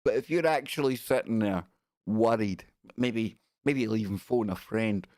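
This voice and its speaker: A man's voice: fairly low pitch, moderate pace, a little mellow, no room sound, clean studio sound. A middle-aged man hosting a live stream, giving sarcastic, exasperated commentary on the news.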